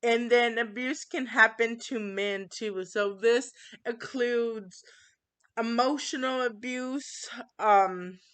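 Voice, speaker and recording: A woman speaking slowly and earnestly in a casual monologue, often pausing on fillers and restarting her sentences. Her voice is bright and smooth. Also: a little high. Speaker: channel host.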